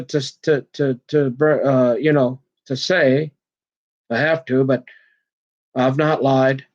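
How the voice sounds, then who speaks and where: This man's voice sits a little high, and the recording sounds muffled. Earnest and agitated, he rambles through a personal monologue, hopping from topic to topic while tripping over his words and starting again.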